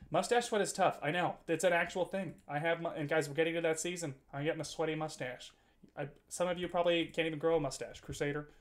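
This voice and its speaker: A man in his twenties chatting casually on a live stream, rambling and teasing his chat with frequent laughs and filler words. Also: fairly high pitch. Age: 20s.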